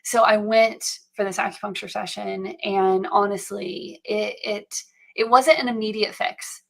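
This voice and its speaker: A middle-aged woman speaks as an interview guest at a middle pitch, neither high nor low for a woman. Her delivery is earnest and reflective, with frequent halting restarts as she gathers her thoughts. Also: fairly even intonation, gravelly, fairly bright tone. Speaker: guest, founder of a mental health program. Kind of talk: personal storytelling in an interview.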